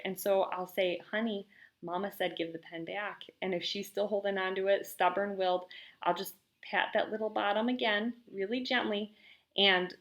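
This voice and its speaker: A young woman giving parenting advice in an earnest, gentle, explanatory way, now and then acting out what she and her toddler say. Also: medium pitch. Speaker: parenting teacher.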